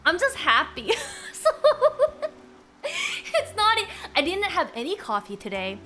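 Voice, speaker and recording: Young female streamer, high and bubbly, chats with her viewers. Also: wildly swooping pitch, measured pace, bright, forceful tone. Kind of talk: casual live-stream chat.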